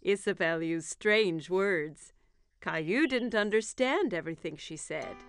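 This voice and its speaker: A woman narrating a children's cartoon in a gentle, expressive storytelling voice. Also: on the low side, a little slow, clean tone, no room sound, studio quality.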